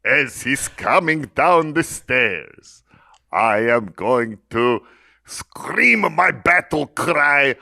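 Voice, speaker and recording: Sex: man. Role: tabletop game player. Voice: very bright, gravelly. Delivery: theatrical and animated. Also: medium pitch, drawn-out words.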